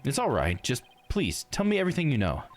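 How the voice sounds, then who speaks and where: A man's voice: mid-range voice, huge pitch swings, fast talker. A man voicing an eager, slightly nervous young male lawyer, read live over game music. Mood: curious. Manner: earnest, asks many questions. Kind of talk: live reading of game dialogue.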